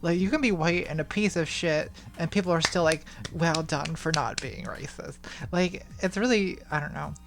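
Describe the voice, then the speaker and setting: A woman answering patron questions on a casual live stream in a candid, offhand way, reading questions aloud, speaking into a boom mic at home. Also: moderate pace, hardly any pauses, noisy background. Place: home room with smart lighting.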